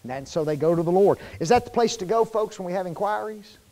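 A man preaching a sermon to his congregation in a folksy, conversational way, often pausing to quiz them with fill-in questions. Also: sits high, lively intonation, warm tone. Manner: folksy, informal wording. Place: church sanctuary. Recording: long reverb of a church hall.

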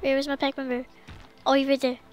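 Very high, excitable gamer woman. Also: fast, soft background music. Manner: excitable, yells commands at the game; talks to herself and to creatures on screen. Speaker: gamer streamer. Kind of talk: casual let's play commentary.

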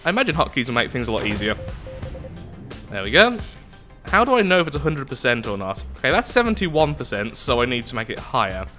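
A man's voice: medium pitch, big pitch swings, fast, bright, forceful tone, faint music behind. A man giving casual, jokey let's-play commentary, reading on-screen text aloud and exclaiming. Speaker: gameplay commentator.

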